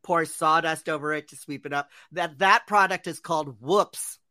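A man co-hosts a radio talk show and chimes in with a dry aside of trivia. His voice sits fairly high and sounds bright. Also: moderate pace, no room sound.

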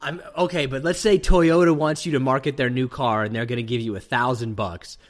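A man's voice: medium pitch, fairly even intonation, brisk. Dry, teasing male host. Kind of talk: casual banter.

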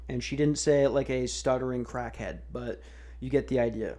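A man's voice: mid-range voice, steady tone, moderate pace, dark tone. Profane, sarcastic podcast host man. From United States. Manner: profane, sarcastic, rambling with restarts. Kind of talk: casual comedic rant.

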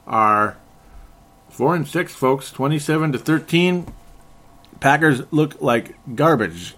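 A man talking casually as a sports podcaster, rambling and sarcastic, correcting himself often and filling gaps with ums and short laughs. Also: medium pitch. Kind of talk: casual football rant.

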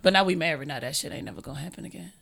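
A woman's voice: low-pitched, very fast, vocal fry, crowd noise. A woman comedian in her thirties, chatting as a podcast guest in a blunt, profane, drawling way. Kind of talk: casual podcast chat.

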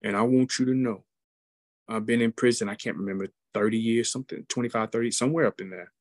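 Old ex-prisoner man, voiced by a storyteller, bitter, solemn, low delivery, dry sound. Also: steady tone, fast talker, no room sound, natural voice. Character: elderly male ex-prisoner, bitter and broken.

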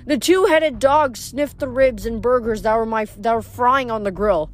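A woman reading a novel aloud in steady first-person narration, with small restarts. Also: a little high, moderate pace. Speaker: audiobook reader.

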